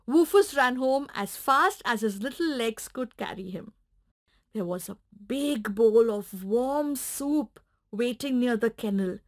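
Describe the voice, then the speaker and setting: A woman storyteller reading a children's animal story aloud, gentle and expressive. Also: high voice, a little slow.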